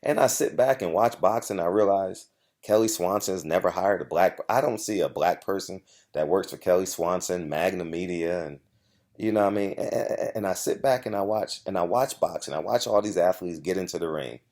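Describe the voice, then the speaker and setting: Emphatic low-voiced man. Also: darkish tone. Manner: emphatic, repetitive, confrontational storytelling. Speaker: boxing journalist and channel host. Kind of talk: direct-to-camera monologue.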